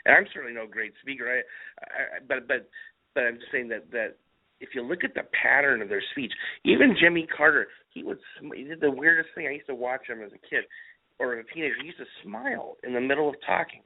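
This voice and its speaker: A man's voice: mid-range voice, lively intonation, fast. A man talking casually on political talk radio, rambling and emphatic, often repeating himself. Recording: narrow phone-like radio sound.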